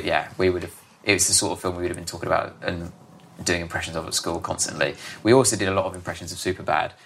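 Low-voiced young man chatting casually. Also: a bit bright. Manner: rambling, self-interrupting, laughs often. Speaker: podcast guest. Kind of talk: casual chat.

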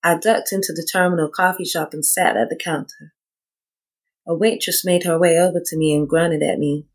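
Gravelly-voiced woman reading a memoir. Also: fairly low pitch, steady tone, low-quality recording. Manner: measured, deliberate reading with quoted dialogue. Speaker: narrator reading her own story. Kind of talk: first-person memoir reading.

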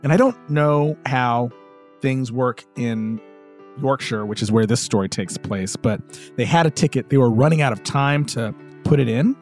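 A man hosts a comedy podcast, chatting in an upbeat, casual way with lots of fillers. His medium-pitched voice has a darkish tone and a moderate pace, with faint music playing behind him.

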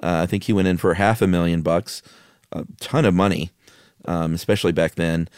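A man's voice: sits low, brisk, clean tone, no echo, studio quality. A man co-hosting a podcast, chatting casually and laying out facts with uh fillers. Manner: relaxed, laughs often, lists facts with uh fillers. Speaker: podcast co-host. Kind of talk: casual chat.

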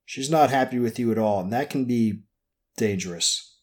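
A man's voice: mid-range voice, normal speed, darkish tone, close to an everyday voice. A man voicing a pleasant, cautious male boss in an audiobook. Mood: genial. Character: genial male boss, smooth and slightly hollow.

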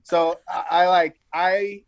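A middle-aged man with a slightly raised pitch, talking loosely and swearing now and then. He tells stories with energy and acts out what people said. He is a show host chatting as a guest. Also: slow, creaky, smooth, highs cut off. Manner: animated, swears casually, quotes people. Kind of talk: casual storytelling.

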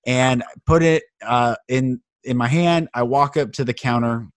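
A man hosting a podcast in casual conversation, telling stories in an animated, emphatic way. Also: mid-range voice, moderate pace, smooth, no room sound, studio quality. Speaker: podcast host.

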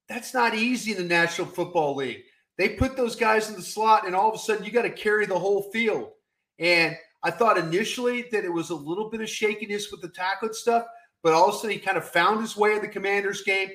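A man co-hosting a casual sports podcast, talking in a folksy, animated way with plenty of "I tell you what.". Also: high voice, fairly quick, roomy sound. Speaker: podcast co-host.

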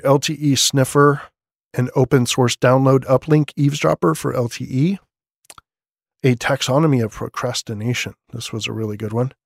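Male podcast host, mid-pitched, casual newsletter read with loose asides; dry studio condenser mic. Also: a little mellow, dry recording. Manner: conversational, loose, with asides and fillers. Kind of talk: casual newsletter-style tech commentary. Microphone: studio condenser microphone.

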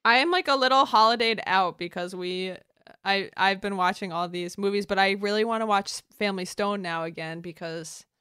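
A woman's voice: mid-range voice, normal speed, bright, forceful tone, clear, resonant tone, no echo, studio quality. A woman co-hosting a casual film chat, earnest and reflective. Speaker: podcast co-host. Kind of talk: casual chat about films.

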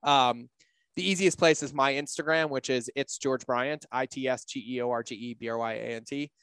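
A man talking casually on a podcast, blunt and animated, swearing freely and acting out his own quotes. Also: brisk, clear, resonant tone, dry recording. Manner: acts out his own quotes with big pitch jumps.

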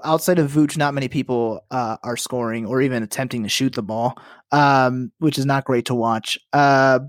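A young man co-hosting a podcast, talking basketball in a relaxed, agreeable way, full of "like" and "you know". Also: fairly high pitch, dry recording, clean studio sound. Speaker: podcast co-host. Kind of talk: casual sports chat.

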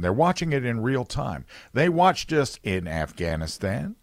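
A man hosting a political talk radio show, talking emphatically with loud bursts, low asides and many restarts. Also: very animated, measured pace, no room sound, clean studio sound.

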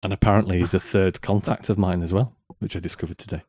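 A man's voice: low-pitched, steady tone, fast, darkish tone, no room sound, clean studio sound. A man co-hosting a podcast, chatting casually with lots of ums and restarts. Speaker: podcast co-host. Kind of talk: casual chat.

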